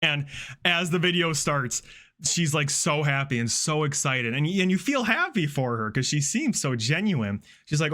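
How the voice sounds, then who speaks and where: A young man streaming, recapping a string of online videos in a casual, profane, animated way. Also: fairly high pitch, moderate pace. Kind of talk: casual storytelling on a livestream.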